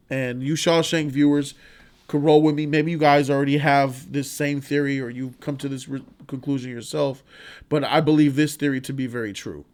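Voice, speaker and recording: A man hosting a casual movie review vlog, rambling, profane and enthusiastic. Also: mid-range voice.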